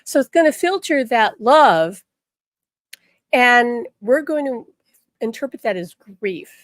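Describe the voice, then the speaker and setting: A middle-aged woman with a fairly high voice speaks to camera as a spiritual teacher. She talks with earnest emphasis and acts out the voices she quotes. The sound is close and dry. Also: lively intonation, slow pace, no room sound. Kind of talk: direct-to-camera teaching talk.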